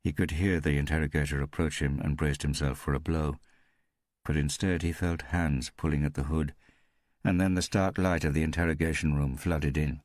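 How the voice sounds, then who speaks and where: A man reads a mystery audiobook in an extremely deep, low voice. His delivery is measured and steady, and the close studio sound is dry, with no room echo. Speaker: audiobook narrator. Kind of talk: scripted audiobook narration.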